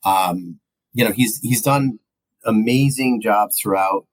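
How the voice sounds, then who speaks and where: A man co-hosting a podcast, giving a rambling, animated film review and acting out movie lines. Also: lowish voice, slow, rough recording. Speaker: podcast co-host. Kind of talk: casual film review chat.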